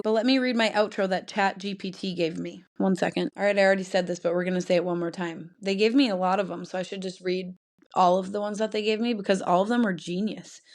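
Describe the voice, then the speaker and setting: A young woman talks on her own podcast in a loose, rambling way, jumping from one thought to the next and laughing now and then. Her voice sits in an ordinary middle range for a woman. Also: mid-range voice. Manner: rambling, chatty, laughs often. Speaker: podcast host. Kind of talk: casual solo podcast chat.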